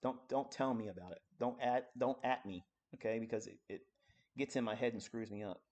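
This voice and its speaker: A man's voice: mid-range voice, fairly quick, a little mellow. A man giving a live-streamed trading lesson, talking bluntly and coarsely while working through charts at his computer. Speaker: trading educator.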